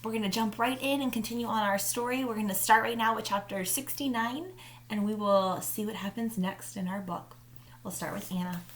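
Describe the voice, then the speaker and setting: A woman's voice: medium pitch, a little fast, a little hiss or hum. A woman teacher reading a children's novel aloud to her students in first-person narration. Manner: warm, friendly greeting, then steady narration. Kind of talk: read-aloud storytelling for students.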